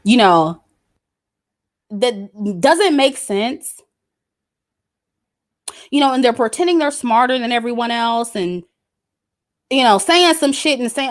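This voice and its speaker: A woman's voice: on the high side, measured pace, long pauses. Woman; casual, blunt commentator who curses freely and repeats her points for emphasis. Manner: blunt, cursing, emphatic and repetitive. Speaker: YouTube commentator. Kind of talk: casual direct-to-camera rant.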